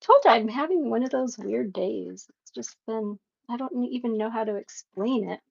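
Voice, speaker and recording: A middle-aged woman chats with her viewers as she paints live. Her voice sits a little high and drops into a gravelly rasp, and she takes her time, laughing often. The sound is slightly dull and lo-fi. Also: expressive, moderate pace. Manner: warm, emotional, laughs often, reads chat aloud. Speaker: livestream painting host.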